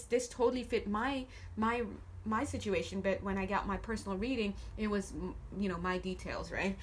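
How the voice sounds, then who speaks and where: A woman's voice: medium pitch, a bit bright, a little hiss or hum. A woman giving a casual tarot reading at a table, her intonation swinging a lot as she talks bluntly and swears freely. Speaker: tarot card reader. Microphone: camera filming the cards on a table.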